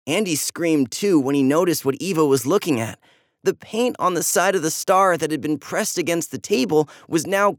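Animated storyteller reading a kids' story, voice swoops up and down, dry close sound. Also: medium pitch, dry recording. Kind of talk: children's story read aloud.

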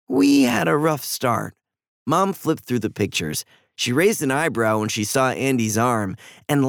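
A man narrating a children's storybook with an expressive, varied delivery. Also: mid-range voice, no echo, studio quality.

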